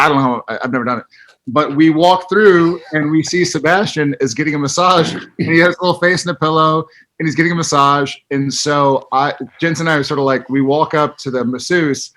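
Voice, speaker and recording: A man telling a lively anecdote on a video call, dropping to hushed asides and mock voices. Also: fairly high pitch, low-quality recording. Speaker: panelist telling a story.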